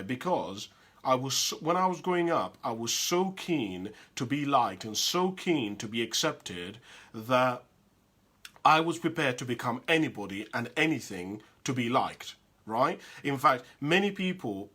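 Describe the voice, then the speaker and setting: A man from Uganda giving a candid, reflective personal talk, often pausing and restarting his sentences. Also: medium pitch, a bit bright, breathy edge. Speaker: speaker sharing personal reflections.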